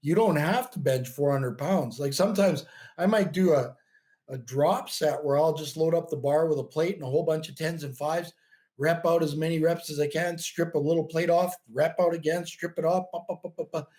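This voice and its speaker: A man in his fifties, a bodybuilding coach guesting on a podcast, telling stories in a chatty, animated way with lots of "you know" and frequent laughs. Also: on the high side, normal speed. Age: 50s. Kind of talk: casual interview talk.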